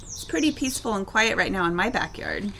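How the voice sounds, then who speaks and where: A woman teacher reading a picture book aloud to children in her backyard, with slow, expressive storytelling and asides to her listeners. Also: medium pitch, creaky, a little hiss or hum. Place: backyard outdoors.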